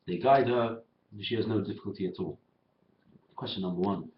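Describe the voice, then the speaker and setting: A man giving a talk on the weekly Torah portion, telling a story and acting out the dialogue with lively emphasis, recorded on a webcam. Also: lowish voice, fairly quick. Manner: animated storyteller, acts out dialogue in quotes. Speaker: Torah teacher. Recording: lo-fi roomy webcam sound.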